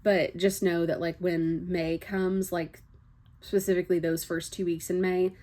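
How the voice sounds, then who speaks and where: A young woman from Texas, speaking General American with a faint Southern trace, chatting unscripted to camera about her life and books. She rambles with frequent fillers and soft laughs. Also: fairly low pitch, flat delivery, measured pace. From Texas, USA. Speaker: book vlogger. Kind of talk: unscripted casual chat to camera.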